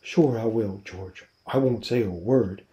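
A man's voice: on the low side, a little slow, dark tone, dull audio, lightly acted. A man reading aloud, voicing a big, childlike farmhand who speaks timidly and plaintively.

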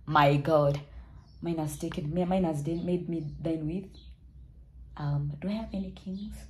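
A woman's voice: deep voice, fairly even intonation, a little slow, a little hiss or hum. A young woman from Kenya with a Kenyan accent, telling a travel story to camera in a playful, joking, dramatic way. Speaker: travel vlogger.

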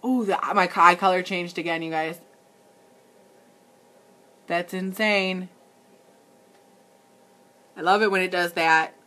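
A woman's voice: lowish voice, fairly even intonation, slow, pauses often, pushed and bright. A woman hosting a live makeup tutorial, chatting casually with viewers and laughing often. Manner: giggly, talks straight to viewers, easily amused. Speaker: makeup demonstrator and livestream host.

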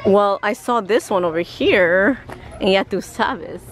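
Woman, vlogger, giggly, chatty, shopping in a store, mid-pitched voice. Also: unhurried, a little hiss or hum. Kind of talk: casual vlog chat.

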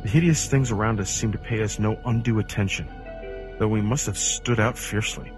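A man reading a horror story aloud in an intense, dramatic way that swings from hushed to near-shouting. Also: fairly low pitch, fairly quick, over music. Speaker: creepypasta narrator.

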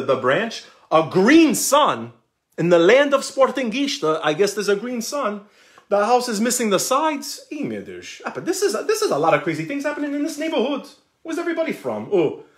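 Man, storytime reader, playful joking asides, higher voice, very animated. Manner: playful, jokey asides, slips into Portuguese words. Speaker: storytime host reading a picture book. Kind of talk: reading a children's book aloud on a live stream.

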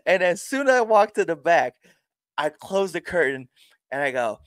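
Animated young man telling ring stories. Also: normal speed, no room sound. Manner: animated storyteller, acts out crowd exchanges with big pitch jumps. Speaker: pro wrestler guest. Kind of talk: casual storytelling interview.

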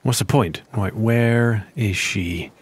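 A man's voice: slow pace, husky. A man giving casual let's play commentary, muttering to himself with sudden yelps of surprise. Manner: chatty, muttering to himself, sudden high-pitched exclamations. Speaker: gameplay commentator.

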